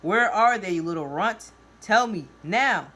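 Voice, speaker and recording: A woman's voice: mid-range voice, expressive, unhurried, bright, forceful tone. A woman voicing an angry man who roars demands and threats. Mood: furious. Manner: roaring, aggressive. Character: furious man, roaring threats.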